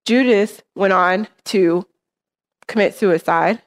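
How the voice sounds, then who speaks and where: In church, a woman preaches a sermon slowly in a mid-range voice. Her manner is earnest and conversational, and she frequently checks in with her listeners.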